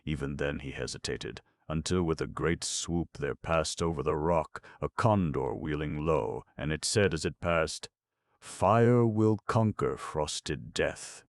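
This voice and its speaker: A man reading a folk-tale audiobook in steady scripted narration. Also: extremely low pitch, measured pace, hardly any pauses, no room sound. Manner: steady storytelling.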